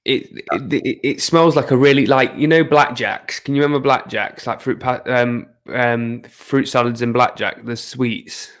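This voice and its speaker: A man's voice: mid-range voice, fairly even intonation, normal speed, hardly any pauses. A man casually chatting about fragrances, rambling and repeating words as he searches for descriptions. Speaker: fragrance reviewer. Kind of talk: casual chat.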